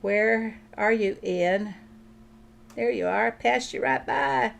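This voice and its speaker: A woman's voice: on the high side, slow pace, gravelly. A woman chatting casually while she plays a farming game on stream, thinking aloud and answering viewers. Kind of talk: casual gameplay commentary.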